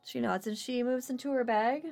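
A woman game master narrating a streamed tabletop game, animated and quick when signing off. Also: on the high side, gravelly, faint music behind. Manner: animated, quick sign-off with laughter.

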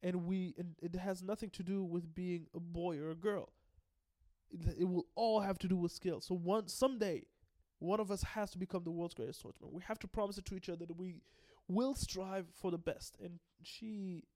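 A man giving an excitable, casual recap, swearing freely and often stumbling and restarting. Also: high-pitched, normal speed. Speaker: anime and manga recap host.

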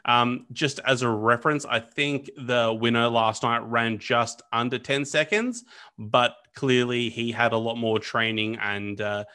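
Bright-voiced man co-hosting a podcast. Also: medium pitch, unhurried, smooth. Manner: chatty, lots of fillers and restarts. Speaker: podcast co-host. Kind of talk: casual history podcast chat.

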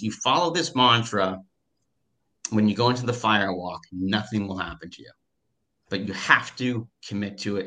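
A man in a casual interview, telling a personal story in an animated way, with many fillers, restarts and repeated words. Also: fairly low pitch.

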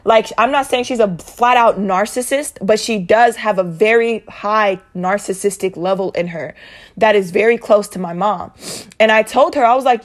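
A woman's voice: mid-range voice, moderate pace. A young woman vlogger telling a personal story to her viewers in a blunt, emphatic way, swearing freely and repeating herself. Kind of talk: casual storytime vent.

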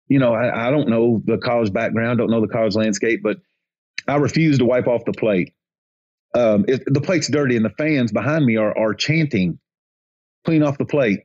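A man's voice: mid-range voice, moderate pace, darkish tone. Man telling a rambling umpire story, lo-fi. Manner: rambling, restarts, acts out crowd chants and quotes. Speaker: baseball umpire. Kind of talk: casual podcast storytelling.

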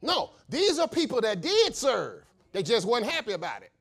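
High, animated preacher man. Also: normal speed, hardly any pauses. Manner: impassioned, shouting at peaks, call-and-response; storytelling with acted voices. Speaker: pastor. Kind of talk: sermon.

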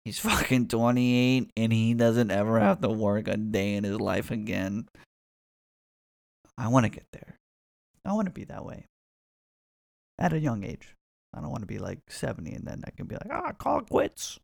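Young man, 20s, rambling solo chat, profane, heavy vocal fry, dry close sound. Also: lowish voice, normal speed, pauses often, darkish tone, dry recording. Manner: rambling, profane, restarts often. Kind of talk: casual solo rant.

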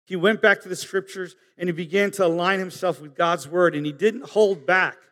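A man preaching a sermon, earnest and halting, swinging from emphatic high peaks down to soft low asides. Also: steady tone, long reverb tail. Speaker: pastor.

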